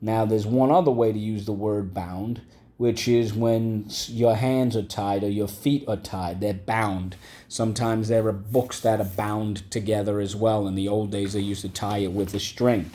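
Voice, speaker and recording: A man's voice: fairly low pitch, fairly even intonation, moderate pace, mellow. A man teaching a vocabulary and phonics lesson, patiently repeating each word and asking the class to say it back. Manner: patient, repeats words and asks the class to echo them.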